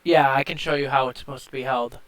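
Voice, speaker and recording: A man's voice: mid-range voice, steady tone, fast, low-quality recording. A young man streaming live and chatting casually, laid-back, often answering with short agreements.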